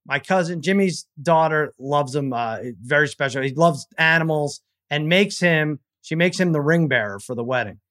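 A middle-aged man co-hosting a sports podcast, telling family stories in a rambling, halting, self-deprecating way. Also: on the high side, fairly bright tone, no room sound, clean studio sound. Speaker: podcast co-host. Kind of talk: casual storytelling chat.

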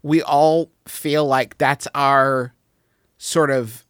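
Brief: male comedy podcast host, rambling and self-mocking, dry close sound, mid pitch. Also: steady tone, very slow, fairly bright tone, clear, resonant tone, no room sound. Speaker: advice podcast host reading listener letters. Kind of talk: casual comedic chat.

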